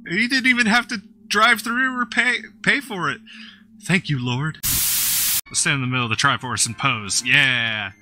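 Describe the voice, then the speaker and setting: A man giving casual gameplay commentary as a gaming YouTuber, playful and excitable, laughing and swearing often. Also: a little high, a little slow, soft background music.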